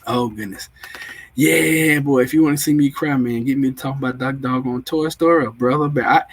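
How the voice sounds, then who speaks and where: A man in his forties hosts a casual live stream, greeting viewers and replying to their comments in a chatty, emotional manner. His voice sits at medium pitch, brisk and slightly rough, and the recording quality is low.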